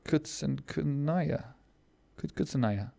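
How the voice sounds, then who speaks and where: A man co-hosting a sports podcast, talking in an animated, casual way, swearing and calling his friend dude. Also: a little high, takes it slowly, vocal fry. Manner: animated, swearing, repeats phrases, calls people dude. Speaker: podcast co-host.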